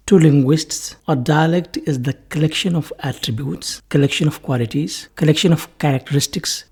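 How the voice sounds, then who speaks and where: A man giving a recorded linguistics lecture, explaining slowly and restating each point several ways. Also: fairly high pitch, darkish tone, breathy edge.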